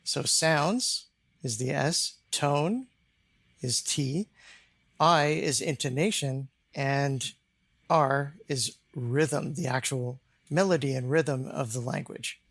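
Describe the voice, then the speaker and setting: Measured man explaining pronunciation coaching. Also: mid-range voice, fairly bright tone, no room sound. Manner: measured, explains methods step by step. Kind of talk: conversational podcast interview.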